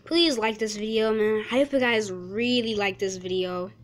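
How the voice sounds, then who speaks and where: A woman commentating her own gameplay, excitable and repetitive, with frustrated outbursts at her teammates. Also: mid-range voice, moderate pace, poor audio. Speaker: gamer.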